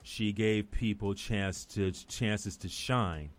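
A man's voice: lowish voice, fairly even intonation, takes it slowly. A middle-aged man with a West Indian accent, an actor chatting as a guest and telling rambling stories full of restarts. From West Indies. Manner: rambling storyteller with many restarts. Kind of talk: casual chat.

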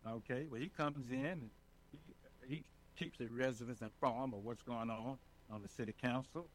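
Man, residents' advocate, casual interview, emphatic, excitable, average pitch. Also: moderate pace, a little hiss or hum, low-quality recording. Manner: animated, emphatic, often checks in with "okay?". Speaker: senior residents' advocate, guest.

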